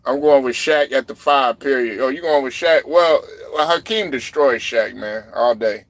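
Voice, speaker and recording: A man hosting a casual sports talk stream, rambling loosely with lots of fillers and getting loud when he's riled up. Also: medium pitch, unhurried, no echo. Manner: loose, rambling, lots of fillers and "you know what I'm saying". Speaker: livestream host reading chat.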